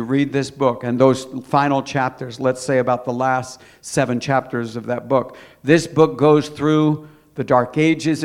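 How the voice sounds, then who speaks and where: A man preaching a sermon, urging and repeating himself, building to emphatic, indignant peaks. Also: mid-range voice. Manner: emphatic, repetitive exhortation with rising intensity.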